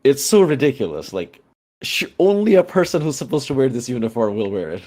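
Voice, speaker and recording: A man's voice: medium pitch, sing-song, fairly quick, darkish tone. Rambling, laughing man at a game table. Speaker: player. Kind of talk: tabletop role-play.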